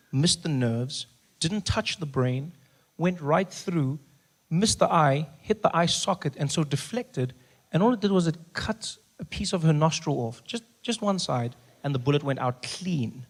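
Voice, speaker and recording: A man in his thirties with a South African accent does stand-up comedy, telling stories animatedly and building to loud punchlines. His voice is on the high side.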